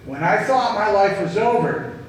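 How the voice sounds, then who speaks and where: A man giving an earnest inspirational talk to a gathered group, telling stories slowly and with emphasis. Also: high voice, very animated, a little hiss or hum. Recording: echoey hall, distant mic.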